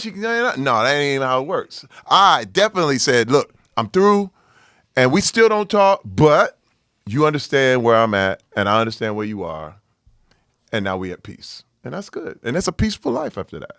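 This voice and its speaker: A man telling a personal story as a podcast guest, jumping from loud exclaiming to hushed low tones and acting out the people he quotes. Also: sing-song, moderate pace, dry recording, studio quality. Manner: acts out quoted voices in his story. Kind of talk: casual storytelling.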